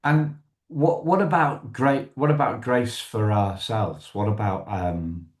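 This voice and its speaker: A man hosts an interview, groping for words with many halting restarts. He speaks very slowly in a somewhat low voice. The room gives his voice a noticeable echo. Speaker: podcast host. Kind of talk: conversational interview.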